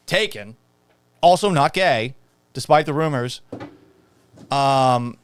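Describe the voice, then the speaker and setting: A man's voice: mid-range voice, animated, slow pace, gravelly, long pauses, clear, resonant tone, no room sound. A man hosting a live-stream sports talk show, answering viewer comments in a brash, sarcastic and profane way, sometimes slipping into sing-song teasing. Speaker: sports talk podcast host.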